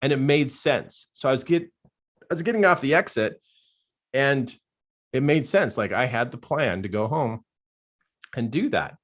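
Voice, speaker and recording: A man giving a live coaching talk, telling a personal story in an earnest way, dropping to a hushed voice at dark moments and growing animated in others. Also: medium pitch, a little slow, long pauses.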